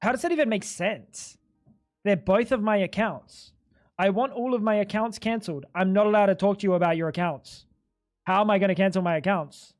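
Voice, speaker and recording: A man's voice: sits high, fairly quick, soft background music. Ranting man streaming. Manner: ranting, profane, exasperated. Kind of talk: casual live-stream chat.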